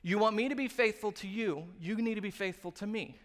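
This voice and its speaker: A male pastor in his thirties delivering a sermon with a fairly high voice. He tells stories with animation and acts out the quotes. The sound carries the long reverb of a large church hall. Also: fairly quick.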